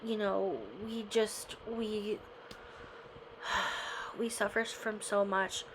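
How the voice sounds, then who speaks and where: A woman's voice: mid-range voice, level tone, very slow, background noise. A woman reading a memoir chapter aloud, then talking it over in a conversational way and often checking in with "right?". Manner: conversational, tags remarks with "right?". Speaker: host.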